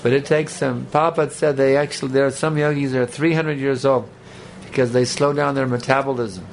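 Male speaker, gravelly, mid pitch, casual joking sermon style, faint hiss behind. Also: steady tone, fairly quick. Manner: conversational, rambling, joking asides. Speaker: spiritual teacher. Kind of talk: sermon with audience banter.

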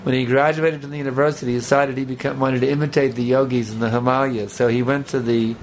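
Gravelly-voiced man giving a rambling talk. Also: mid-range voice, steady tone, quick pace, a little hiss or hum. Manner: conversational, rambling, joking asides. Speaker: spiritual teacher. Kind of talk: sermon with audience banter.

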